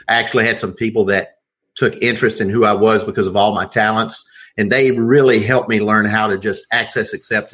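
A man's voice: fairly low pitch, fairly bright tone. A middle-aged man from Georgia with a Southern twang, talking politely as a podcast guest and often saying sir. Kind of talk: interview conversation.

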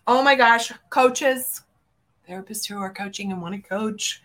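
Here a business coach and podcast host talks in a mid-range voice, a little slowly. Treating her listeners as friends and addressing them directly, she gives fervent, emphatic motivation through punchy declarations with big shifts in loudness.

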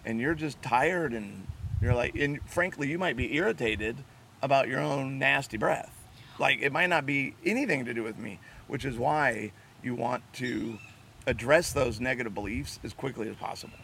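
A man's voice: medium pitch, moderate pace, vocal fry, a little hiss or hum. A man co-hosting a casual chat about marriage, acting out quoted lines as he explains. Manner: acts out quoted lines in lively voices. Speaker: co-host of a marriage advice show.

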